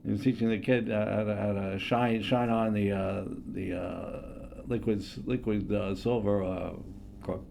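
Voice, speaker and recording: A man's voice: fairly low pitch, steady tone, measured pace, vocal fry, warm tone, a little hiss or hum. A man in his sixties hosting a show in a studio, chatty and self-deprecating as he introduces a comedy routine. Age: 60s. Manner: chatty, self-deprecating, hesitant with many fillers. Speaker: host. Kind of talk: stand-up impressions routine.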